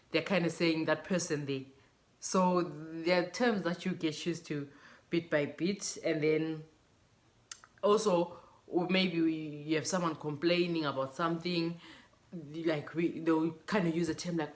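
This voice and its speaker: A woman's voice: deep voice, steady tone, normal speed. A woman from Zimbabwe chatting to camera as a vlogger, telling stories and mimicking what people say to her. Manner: chatty, storytelling, quotes others in bright mimicking voices. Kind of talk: casual chat to camera.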